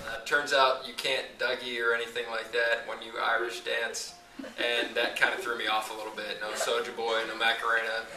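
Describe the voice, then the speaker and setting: A young man student telling a relaxed story about his trip, with dry jokes. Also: medium pitch, moderate pace, reverberant, recorded from a distance, crowd noise, low-quality recording.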